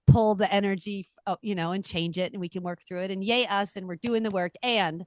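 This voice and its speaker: A woman's voice: mid-range voice, brisk, dry recording. A middle-aged woman co-hosting a casual podcast chat, telling a family story with energy and acting out the lines of others. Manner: animated storytelling, acts out quoted voices. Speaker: podcast co-host.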